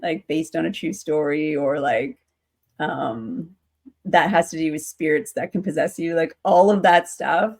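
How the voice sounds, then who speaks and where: A woman's voice: sits low, measured pace, a little mellow. A young adult woman, a guest in an interview, telling a story casually with many fillers and acting out the voices in her quotes.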